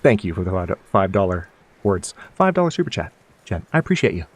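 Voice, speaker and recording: A man's voice: sits low, sing-song, brisk, slightly rough. A man streaming a video game, chatting casually with his viewers and reacting as he plays. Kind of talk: casual live-stream commentary.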